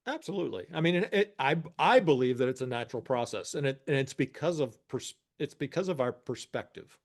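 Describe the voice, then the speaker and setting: A man's voice: medium pitch, expressive, brisk. A man in his sixties co-hosting a podcast, explaining ideas in a reflective, casual way. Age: 60s. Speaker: podcast co-host. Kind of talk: casual chat.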